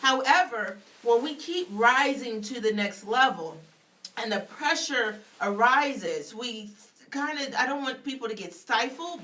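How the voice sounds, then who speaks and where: A woman's voice: fairly high pitch, sharp tone. A woman shares a faith testimony as a radio guest, speaking emphatically. She builds her points with preacher-like repetition. She slips into the voices of the people in her story as she goes. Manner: emphatic, storytelling, acts out dialogue. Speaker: author and public speaker, guest.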